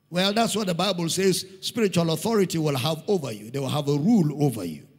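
A man's voice: a little high, animated, fast talker, few pauses. A middle-aged Nigerian man preaching a sermon in a church hall, emphatic, repeating key lines for stress. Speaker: pastor. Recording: long hall reverb.

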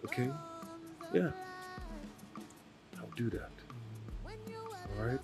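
An actor playing a gentle young man who reassures and comforts softly. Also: medium pitch, expressive, takes it slowly, vocal fry, music in the background. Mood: soothing. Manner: soothing, reassuring, repeating himself.

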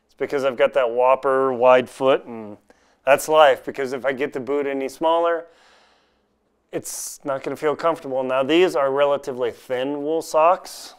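A man with a steady, clean, mid-range voice speaking at normal speed does a casual unboxing vlog at home. He's chatty as he reviews gear, joking and laughing at his own expense.

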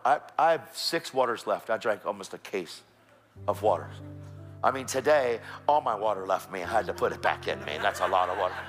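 A man with a Texan accent preaching a sermon in a church, telling stories animatedly and acting out the voices of the people in them. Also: on the low side. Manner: animated storytelling with quoted voices. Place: church sanctuary.

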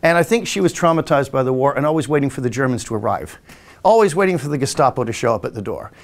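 A man's voice: mid-range voice, animated, fast talker, vocal fry. A man in his sixties from England, hosting a podcast and telling rambling stories about his childhood in a casual way while acting out family voices. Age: 60s. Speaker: podcast host and hypnotist. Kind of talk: casual storytelling.

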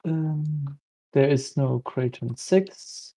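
A man's voice: on the high side, steady tone, extremely slow, mellow, dry recording, poor audio. A man playing a board game, thinking aloud and explaining the rules to his opponent. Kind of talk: casual board game chat.

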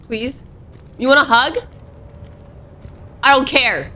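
A young woman playing a horror game on her channel, talking casually with slang, jumpy and dramatic, pleading when frightened and shouting at sudden scares. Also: high voice, lively intonation, measured pace, a little hiss or hum. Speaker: gaming YouTuber.

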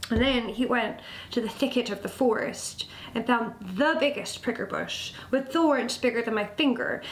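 A woman instructor telling a children's story, expressive and often dropping to a whisper. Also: a little high. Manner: slow, expressive, drops to whispers. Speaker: nature school instructor. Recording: echoey room, faint background noise.

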